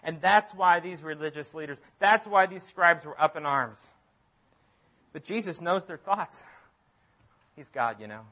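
A man preaching a sermon as pastor, emphatic, repeating phrases and swinging from loud declarations to near-quiet asides. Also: fairly high pitch, unhurried, pauses often.

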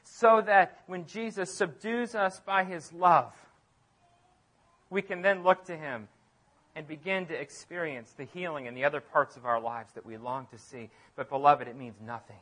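A man delivering a sermon with a bright, forceful voice pitched a little above the usual male range. He preaches emphatically, repeating key phrases and dropping from loud declarations to hushed asides. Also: moderate pace. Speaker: pastor.

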